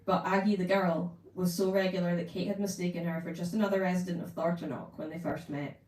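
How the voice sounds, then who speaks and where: A woman author, reading her novel aloud at a bookshop event in a measured narrating voice. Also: fairly low pitch, little pitch movement, a little mellow. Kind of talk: live book reading. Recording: roomy room, distant mic.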